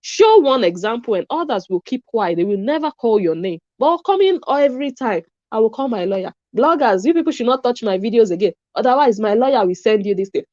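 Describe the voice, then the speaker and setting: A woman speaks at a middle pitch as a vlog commentator, tossing out sarcastic questions. The recording is dry and a little dull, with no room sound. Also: animated, brisk, few pauses, dark tone, no room sound.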